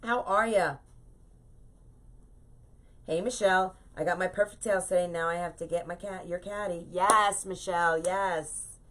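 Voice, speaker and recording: A woman's voice: lowish voice, steady tone, a little slow, pauses often, a bit bright. A middle-aged woman hosting a chatty craft livestream, greeting viewers by name in a bubbly, upbeat way. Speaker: wreath-making livestream host. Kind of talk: casual livestream chat with viewers.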